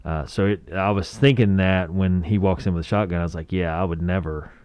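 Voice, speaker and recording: A man's voice: low voice, fairly even intonation, a little fast, darkish tone, clean tone, dry recording. A man in his forties from West Virginia, co-hosting a podcast and telling laid-back stories about a movie, often chuckling and acting out quotes. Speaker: podcast co-host. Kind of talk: casual movie review chat.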